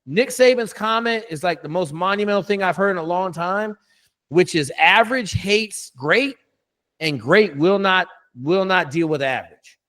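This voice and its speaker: A man's voice: high voice, animated, normal speed, pushed and bright. Blunt, profane male coach. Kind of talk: casual interview storytelling.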